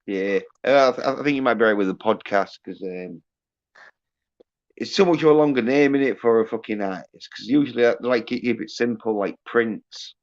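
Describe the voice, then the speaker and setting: Man, mid-pitched voice, dull lo-fi audio, halting, lots of fillers, swears casually. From United Kingdom. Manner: halting, filler-heavy, profane. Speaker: livestream guest. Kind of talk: casual chat.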